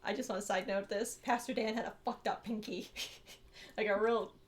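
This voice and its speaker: A young woman co-hosting a podcast tells a story in casual chat, swearing freely, laughing often and acting out the voices of people she quotes. Her mid-range voice stays steady in tone at a normal speed.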